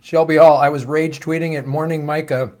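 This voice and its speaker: A man's voice: a little high, fairly even intonation, a little fast, a little mellow. Upbeat man hosting a live stream. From United States. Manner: loose, jokey and profane, with many fillers and trailing asides. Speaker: host of a political show. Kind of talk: live-stream chat, reading viewer comments and questions.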